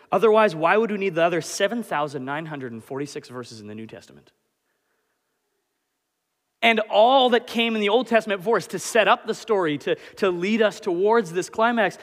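A man in his late twenties preaching a sermon as pastor, animated and conversational. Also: high-pitched. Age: 20s. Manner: animated, conversational, self-deprecating. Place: church hall. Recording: long hall reverb.

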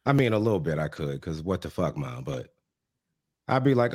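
A man's voice: rumbling low, very animated, normal speed, darkish tone, dry recording, studio quality. A man co-hosting a casual podcast, reacting with blunt, laid-back comments and casual swearing. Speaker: podcast co-host. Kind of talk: casual chat.

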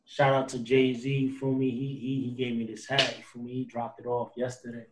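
A man hosting a casual podcast chat, joking loosely, sometimes loud and sometimes trailing off. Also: medium pitch, flat delivery, normal speed, reverberant, very noisy. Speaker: podcast host.

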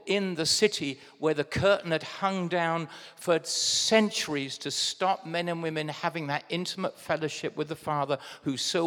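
Excitable English pastor in echoing church. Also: male voice, on the high side. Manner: animated preaching, swinging from hushed to loud bursts; addresses congregation directly as guys. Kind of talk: sermon. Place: church hall.

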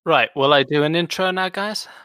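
A man's voice: a little high, normal speed, sharp tone, clean tone, dry recording. A man hosting a casual podcast with friends, playful and jokey as he keeps the show moving. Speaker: podcast host.

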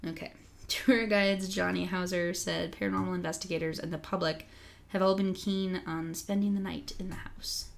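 Young woman reading a story aloud, low-pitched. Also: fairly even intonation, moderate pace, creaky. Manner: reads aloud with joking asides and giggles. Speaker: podcast co-host reading an article aloud. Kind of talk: casual chat reading a news story.

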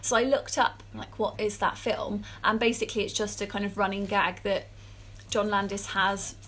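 A woman co-hosting a podcast in casual chat, bubbly and excitable. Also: mid-range voice, normal speed, slight background noise. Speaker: podcast co-host.

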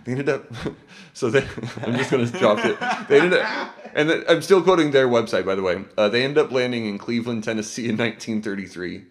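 A man's voice: mid-range voice, fairly quick, a crowd in the background. A man co-hosting a casual podcast, walking his friends through a history story, reading notes aloud and swearing and laughing as he goes. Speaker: podcast co-host.

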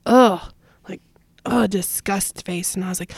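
A woman's voice: medium pitch, measured pace, breathy edge, dry recording, clean studio sound. A young woman, a preschool teacher, chatting on a podcast and telling funny classroom stories with lots of laughter. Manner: animated storyteller, laughs often. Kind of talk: casual chat.

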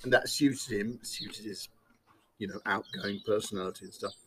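A man's voice: lowish voice, steady tone, moderate pace, fairly bright tone, a little hiss or hum. A man hosting a podcast, telling a rambling anecdote with frequent laughs. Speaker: podcast host. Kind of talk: casual chat, anecdote.

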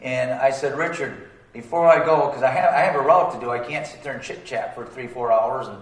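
Delivering his sermon briskly in a mid-range voice, a pastor talks in everyday colloquial language and asks the congregation for amens in a call-and-response style. He's recorded from a distance, with a roomy sound.

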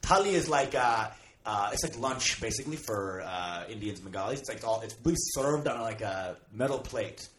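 A man's voice: fairly low pitch, expressive, fairly bright tone. Joking man in an echoey room. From New York. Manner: joking, slangy, quick quips. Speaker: podcast co-host. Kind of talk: casual chat. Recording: echoey room with faint noise.

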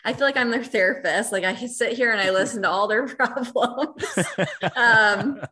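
A woman's voice: on the high side, moderate pace, bright, forceful tone. A woman who leads a special recreation program, talking casually with many hesitations. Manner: hesitant, filler-heavy, with light laughs. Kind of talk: casual chat.

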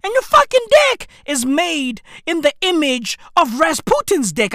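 A woman with delivering a profane comedic rant, swearing a lot and breaking into shouts. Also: sits high, very animated, measured pace, few pauses, slight background noise. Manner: slang-heavy, swearing, bursts of shouting.

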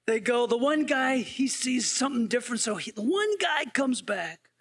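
A man's voice: very high-pitched, lively intonation, normal speed, a bit bright, slightly rough. A male interim pastor preaching a sermon in a conversational way, often asking the congregation playful questions.

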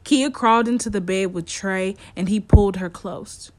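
A woman narrating a story chapter in a steady storytelling manner. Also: medium pitch, normal speed.

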